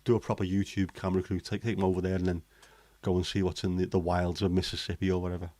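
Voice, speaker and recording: A deep-voiced man talks casually on a livestream. His tone is blunt and cynical, full of swearing and banter. The sound is dry and close. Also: flat delivery, quick pace, dark tone, no echo. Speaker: livestream host. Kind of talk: casual chat.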